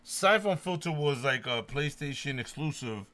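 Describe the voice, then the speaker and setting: A man's voice: mid-range voice, lively intonation, moderate pace, sharp tone. A man co-hosting a casual podcast, teasing and brash, full of slang. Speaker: podcast co-host. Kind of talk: casual chat.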